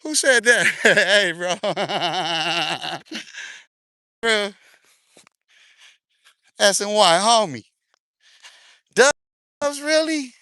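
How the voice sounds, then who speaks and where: A middle-aged man chatting on a livestream while he walks outdoors in a park, reading comments aloud into his phone. His voice sits high and sounds bright and smooth, with a dry, close sound. He talks loudly, laughs a lot and uses profane street slang. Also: expressive, very slow, pauses often, no echo. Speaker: livestream host.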